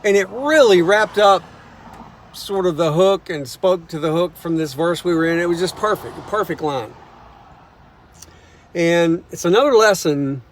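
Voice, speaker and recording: A man, a songwriter, telling stories in a relaxed, folksy way and acting out the voices of the people in them. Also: sits high, slight background noise. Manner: folksy, acts out quoted voices. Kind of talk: casual storytelling monologue.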